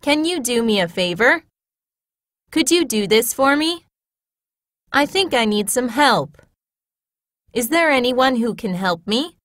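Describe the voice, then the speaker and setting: A woman with a fairly high, very expressive voice reads classroom English phrases one by one in a clear, measured, teacher-like manner. She takes her time over each line. The studio sound is close and dry. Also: dry recording. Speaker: narrator reading phrases.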